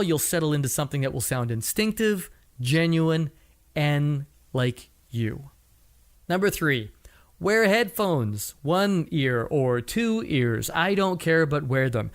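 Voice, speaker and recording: A middle-aged man hosting a podcast, giving blunt, wry advice in a solo talk. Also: a little high. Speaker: podcast host and coach.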